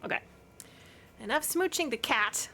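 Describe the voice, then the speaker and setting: A woman's voice: a little high, lively intonation, normal speed, bright, forceful tone, a little hiss or hum. Chatty, giggly woman streamer. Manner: chatty and giggly, baby-talking to her cat. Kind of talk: casual chat with stream chat.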